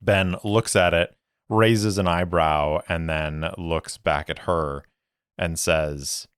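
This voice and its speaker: Man narrating a solo tabletop game, calm and deliberate, deep and unhurried. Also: clean tone, dry recording, studio quality. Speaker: game master and solo player.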